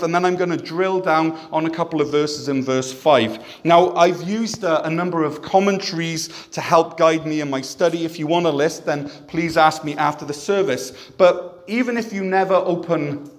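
A man preaching a sermon in a church, conversational and self-deprecating, with humor. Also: a little high. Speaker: pastor.

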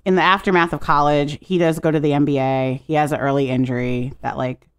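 A woman with a low-pitched voice co-hosts a casual podcast. She tells stories with animated energy, slips into quick quoted voices, laughs often and swears freely. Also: smooth. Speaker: podcast co-host. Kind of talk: casual podcast chat reviewing a film.

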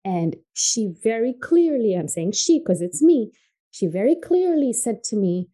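Podcast guest, woman from Tanzania: earnest, emphatic storyteller with a mellow voice. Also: sing-song, a little slow, poor audio. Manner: earnest and emphatic, drops soft and low on painful points. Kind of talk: heartfelt personal storytelling.

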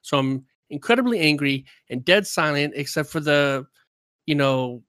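A man's voice: a little high, lively intonation, moderate pace, fairly bright tone, smooth, no echo. A man who streams games, telling a story in casual podcast chat, talkative and worked up. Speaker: streamer and gamer.

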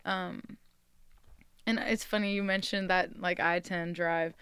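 A woman musician chatting in an interview, her voice smooth and very clear. She tells animated stories, laughs often, and sounds close to the mic in a dry space. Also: lowish voice, a little slow, dry recording. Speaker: musician guest. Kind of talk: casual interview chat.

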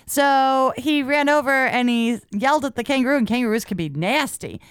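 Chatty woman podcast co-host, smooth clear voice, dry sound. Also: sits high, moderate pace, dry recording. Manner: chatty, storytelling with laughs. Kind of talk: casual movie chat.

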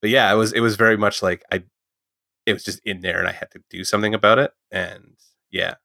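A man with a very low, gravelly voice talks fast in a loose, rambling chat, filling every sentence with "like" and casual swearing. His tone is bright and forceful, and the sound is dry and close. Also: steady tone, no room sound. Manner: rambling, swears often, heavy use of "like". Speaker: drummer and comic artist.

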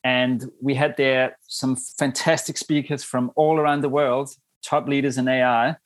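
A male podcast host introducing his guest and asking measured, prepared questions. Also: medium pitch, little pitch movement, dry recording. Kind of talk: interview introduction.

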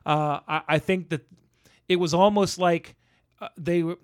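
A man's voice: on the high side, measured pace, dry recording, clean studio sound. A man in a casual podcast chat about films, retelling favorite scenes and acting out the lines with energy. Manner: animated storyteller who acts out movie lines. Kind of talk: casual film discussion.

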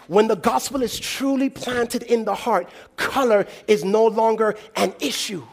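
High-voiced man preaching with fervor. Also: unhurried, creaky. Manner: call-and-response preaching, swings from shouting to hushed low tones. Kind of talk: sermon.

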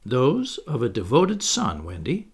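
A man's voice: medium pitch, huge pitch swings, unhurried, creaky, slightly rough, exaggerated voice. A man reading aloud and voicing a boyish young boy who sounds anxious and puzzled.

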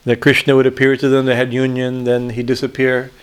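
A man, a swami, teaching on a devotional hymn, with many restarts and frequent "right?" checks, reciting Sanskrit lines slowly. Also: mid-range voice, completely flat delivery, smooth. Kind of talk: spiritual discourse on a hymn.

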